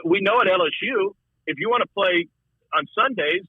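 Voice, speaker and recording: Broadcaster guest calling in: man, raspy, phone-thin sound, lively restarts. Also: moderate pace, no room sound, phone-quality sound. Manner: animated, repeats words, shifts pitch a lot. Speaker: college football broadcaster, guest. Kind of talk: casual sports talk.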